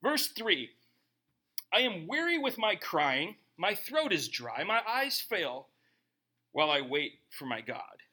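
Animated preacher man with a bright voice. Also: high voice, slow. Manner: animated, emphatic preaching with rhetorical "right?" asides. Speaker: pastor. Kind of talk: sermon.

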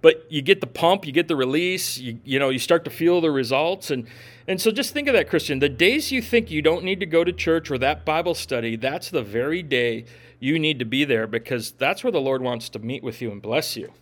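A man's voice: on the high side, a little fast. A man pastor giving a casual, joking sermon with gym and pop-culture asides. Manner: animated, swings between loud and soft. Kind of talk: conversational sermon.

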